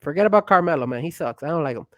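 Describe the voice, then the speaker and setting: A man co-hosting a casual wrestling chat podcast, pushy and excitable, getting loud when he is hyped. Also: fairly high pitch, very fast, dry recording. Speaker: co-host.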